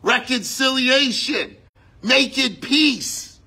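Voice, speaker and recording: A man preaching a sermon in a conversational way, breaking into shouts on key lines. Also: extremely high pitch, lively intonation, very slow, breathy edge.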